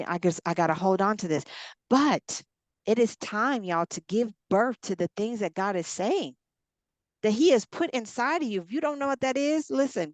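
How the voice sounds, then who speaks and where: A woman's voice: medium pitch, fairly quick, no echo. Exhorting woman preacher. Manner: repetitive, exhorting, addresses listeners as y'all. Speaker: ministry coach. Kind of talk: encouraging preaching on a group call.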